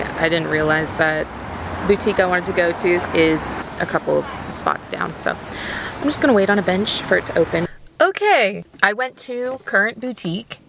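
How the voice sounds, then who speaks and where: A woman's voice: fairly low pitch, background noise. A young woman, casually chatting through a travel vlog and gushing over food and sights. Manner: enthusiastic, gushing. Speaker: vlogger.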